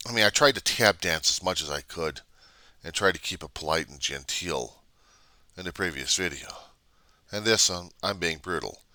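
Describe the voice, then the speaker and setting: A man's voice: deep voice, expressive, moderate pace, pushed and bright, no echo. A man delivering an angry, blunt, profanity-laden vlog rant. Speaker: vlogger. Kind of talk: angry ranting monologue.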